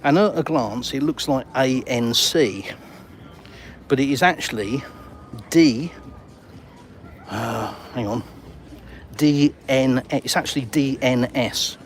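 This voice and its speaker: A man's voice: medium pitch, slow pace, pauses often, a little hiss or hum. An Englishman walking outdoors and vlogging, chatting in a cheeky, bantering, slangy way to viewers while filming on his phone. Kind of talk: casual walk-and-talk vlog. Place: outdoors on an urban seafront street.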